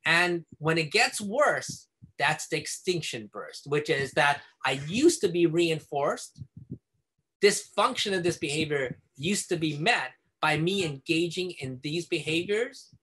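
A man teaching a casual behavior-therapy lesson with a bright, forceful voice. He explains in an animated, chatty way, often slipping into little acted-out scenes. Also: a little high, measured pace, slightly rough. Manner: animated, casual, acts out examples.

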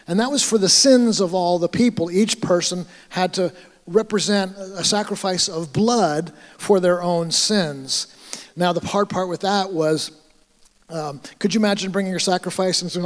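A middle-aged male pastor preaches in a casual, conversational way, acting out little scenes as he goes. His voice sits fairly high for a man. The sound carries the long reverb of a church hall. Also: steady tone, moderate pace. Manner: conversational preaching with acted-out asides. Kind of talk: sermon.

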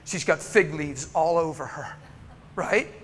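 A man's voice: on the high side, a little slow, fairly bright tone. A male preacher delivering an emotional, story-driven sermon in a church, acting out the people in his stories. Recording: long church reverb, faint background noise.

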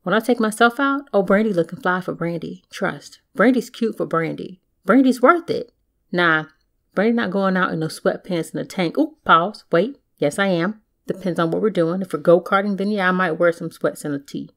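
A woman's voice: lowish voice, moderate pace, creaky, a bit bright. A woman hosting a casual solo podcast, talking in a sassy, playful way with slang asides. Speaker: podcast host.

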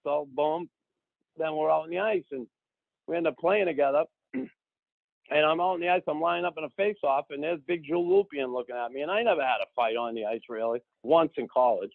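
A man, telling a story as a podcast guest in an animated way, acting out the people he quotes. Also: fairly high pitch, a little fast, vocal fry, no room sound. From Boston. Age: 60s. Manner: animated, acts out quoted people, keeps adding "right?". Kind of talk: casual storytelling. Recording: dry, phone-like narrow sound.

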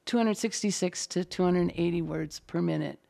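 A woman's voice: on the low side, normal speed, vocal fry, mellow. A middle-aged woman with a light Minnesotan accent, chatting casually as an interview guest and thinking aloud with fillers and restarts. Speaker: closed captioner, guest.

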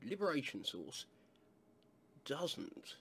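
A man's voice: a little high, very animated, takes it slowly, sharp tone, husky. A man from England casually reviewing a hot sauce, rambling with lots of fillers and asides.

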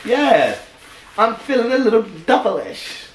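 A man's voice: high voice, expressive, measured pace, a bit bright. A man with an Ohio accent unboxing fan mail in a vlog, emotional and exclaiming, repeating himself. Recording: echoey room, distant mic, background noise.

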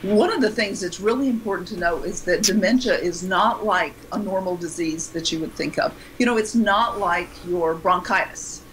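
Middle-aged woman explaining calmly. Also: on the low side, moderate pace, few pauses, slight background noise, low-quality recording. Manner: explanatory, conversational. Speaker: guest speaker on dementia. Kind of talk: interview answers.

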